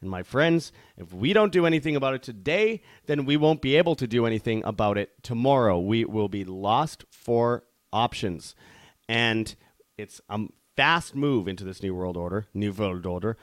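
A man's voice: medium pitch, animated, moderate pace, dry recording. A man hosting an online commentary show, talking urgently and rallying his listeners, often calling them his friends. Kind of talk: opinionated commentary.

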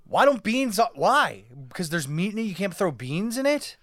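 A man co-hosting a podcast in casual chat, rambling with lots of halting restarts. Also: high voice, sing-song, a bit bright, dry recording, studio quality. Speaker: podcast co-host.

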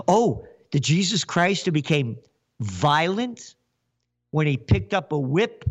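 A man delivers a slow, sarcastic rant, his voice swooping up and down as he mocks his targets. He sits a little high for a man and plays with words as he goes. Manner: sarcastic, mocking, wordplay. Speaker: host. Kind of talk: ranting commentary.

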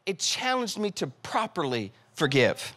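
This pastor's high, slightly bright voice has a sing-song lilt and a somewhat slow pace. Preaching in a relaxed, chatty way, he dramatizes text messages and his own responses while telling a story, leaning heavily on filler "like"s.

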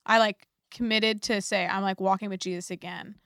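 A woman co-hosts a church podcast, telling a personal story warmly in casual conversation and saying "like" often. Her medium-pitched voice has fairly even intonation at normal speed, recorded dry with clean studio sound.

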